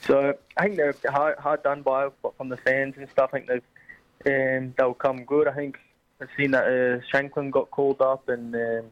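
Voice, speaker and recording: Hesitant young Scottish footballer, muffled. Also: male voice, mid-range voice, level tone, moderate pace. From Scotland. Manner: hesitant, many ums and restarts. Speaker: guest footballer. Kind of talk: radio interview answers.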